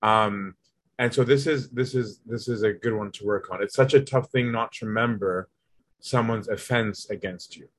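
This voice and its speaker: A man's voice: on the low side, normal speed, breathy edge, no echo. A man giving a casual spoken teaching, explaining a text in plain everyday examples and often checking in with his listeners. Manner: conversational, keeps checking in with listeners. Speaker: teacher leading a study of an early Christian text.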